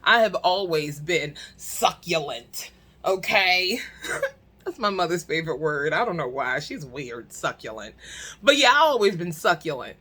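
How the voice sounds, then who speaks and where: A woman telling a comic storytime to her camera, animated and blunt, laughing often. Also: deep voice, normal speed, breathy edge. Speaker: storytime vlogger. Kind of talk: casual comedic storytime. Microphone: talking to her own camera.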